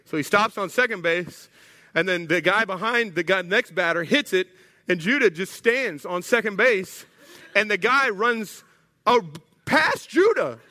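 Animated pastor in echoey hall. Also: male voice, sits high, measured pace. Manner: animated storytelling, humorous asides. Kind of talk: sermon. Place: church sanctuary.

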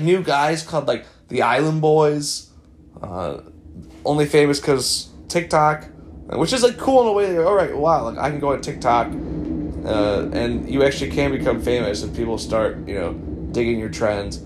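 A young adult man hosting a podcast, chatting casually in a rambling, wry way with many fillers. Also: medium pitch. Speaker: podcast host. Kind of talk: casual chat.

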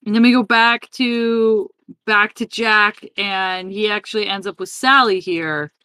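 A woman's voice: medium pitch, measured pace, dry recording. A woman co-hosting a podcast, recapping a film in casual chat with lots of "like" and "yep". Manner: chatty, animated retelling with filler "like" and "yep". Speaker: podcast co-host.

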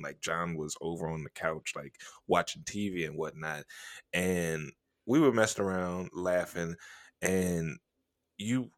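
A man's voice: low voice, dry recording, studio quality. A man co-hosting a podcast, casually telling a funny story, laughing often and acting out what people said. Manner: animated, laughing, acts out quotes. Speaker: podcast co-host.

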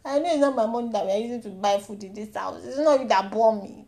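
Talking fast at a medium pitch, a young woman with a Nigerian accent delivers an animated, mock-indignant comic monologue sprinkled with pidgin and Yoruba.

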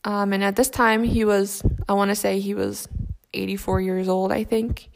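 Woman with a gravelly voice, telling a sad story. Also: mid-range voice, little pitch movement, a little hiss or hum. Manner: soft, reflective, halting. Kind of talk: personal story.

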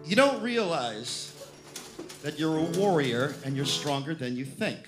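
A man's voice: fairly high pitch, big pitch swings, measured pace. A man performing a wry, reassuring spoken-word comedy piece on a live club stage. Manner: reassuring, wry, sing-song. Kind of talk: rhythmic spoken-word comedy over music. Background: live instrumental music.

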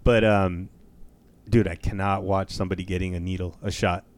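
A man co-hosting a casual podcast, telling profane, animated stories and acting out the voices of the people in them. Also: sits low, normal speed. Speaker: podcast co-host. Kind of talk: casual storytelling chat.

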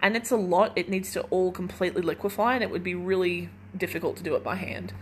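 A woman's voice: lowish voice, quick pace, slight background noise. A young woman hosting a casual solo podcast from her kitchen at home, chatting in a rambling way full of "like". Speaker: podcast host.

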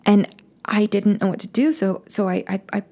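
A woman telling a personal story in a soft, confessional way, often dropping into a whisper and restarting her sentences. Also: medium pitch, moderate pace. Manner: frequent restarts and stammers.

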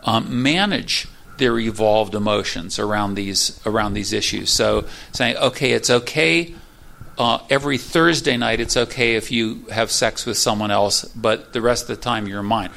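A man who is a guest author, explaining his ideas in a measured way. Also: fairly low pitch, creaky, bright, forceful tone. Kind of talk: interview talk.

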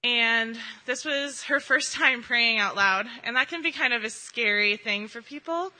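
Woman telling her testimony in church, kinda high and super bright voice, lots of ums, echoey hall. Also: a little slow. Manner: earnest and conversational, with frequent ums. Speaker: church member giving a mission-trip testimony. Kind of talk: personal testimony at a church service. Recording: reverberant hall sound.

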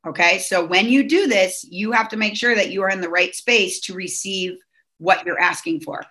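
A middle-aged woman from Southern California talks freely as a podcast guest. Her voice is bright and forward, and she keeps circling back through fillers and quick restarts as her thoughts pour out. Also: medium pitch. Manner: chatty, many fillers and restarts. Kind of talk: casual podcast chat.

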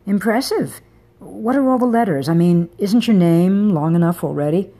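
A woman's voice: fairly low pitch, animated, normal speed, mellow, voice pushed up. A woman voicing a frank, playful young woman in an audiobook romance.

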